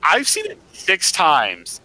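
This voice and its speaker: Very bright, rambling male guest. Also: fairly high pitch, wildly swooping pitch, slow pace, no echo, low-quality recording. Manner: rambling, hesitant. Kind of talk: casual chat.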